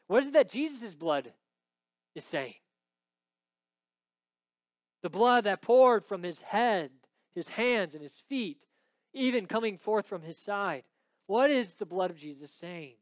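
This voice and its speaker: Male pastor, high voice, dry close sound, dramatic sermon delivery with hushed drops and loud peaks. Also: lively intonation, measured pace, pauses often, no echo.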